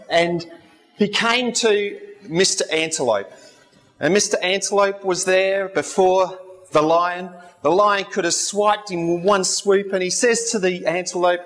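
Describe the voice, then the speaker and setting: Male pastor, high voice, chatty sermon with funny asides. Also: a bit bright. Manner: conversational storytelling with asides and humor.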